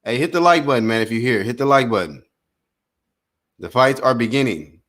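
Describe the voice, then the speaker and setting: Calling the punches with slangy excitement, this streamer runs casual live boxing commentary and chats with his audience, speaking fairly quickly at a medium pitch.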